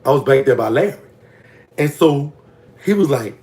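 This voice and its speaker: Male vlogger, Louisiana Southern accent, average pitch, chatty gossipy storytime delivery with sudden high reactions. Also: normal speed, noisy background. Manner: gossipy and animated, voice jumping high when reacting to comments. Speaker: vlogger telling prison stories. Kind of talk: casual storytime monologue.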